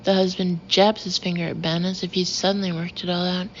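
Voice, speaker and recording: A woman narrating a first-person audiobook in a wry, measured way. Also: fairly low pitch, level tone. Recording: dull lo-fi audio with faint hiss.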